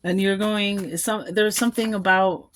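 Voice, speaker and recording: A woman's voice: mid-range voice, steady tone, normal speed, slight background noise. A woman giving a collective tarot reading, musing aloud and rambling, with small laughs between thoughts. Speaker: tarot card reader.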